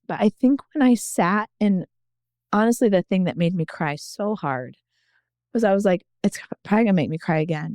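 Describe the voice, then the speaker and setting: A woman's voice: mid-range voice, warm tone, no echo, studio quality. A woman guest on a podcast, telling her story in a candid, earnest and reflective way.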